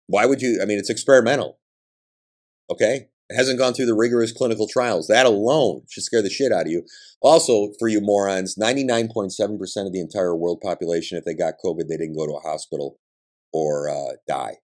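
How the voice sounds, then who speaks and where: A man's voice: on the low side, brisk, darkish tone. A man hosting a podcast, delivering a combative political monologue with blunt, emphatic ranting and profanity. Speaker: podcast host.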